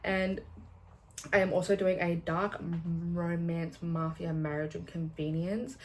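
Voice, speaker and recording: A young woman chatting casually in a rambling, excitable way, often swearing and laughing as she vlogs. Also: lowish voice, a little slow, a little hiss or hum. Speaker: booktuber.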